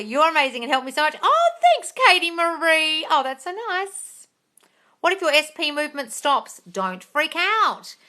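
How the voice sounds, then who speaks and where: A woman hosting a casual live-stream Q&A as a manifesting coach, blunt and sweary, swinging between muttered asides and loud exclamations. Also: high voice. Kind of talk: casual live-stream chat reading comments.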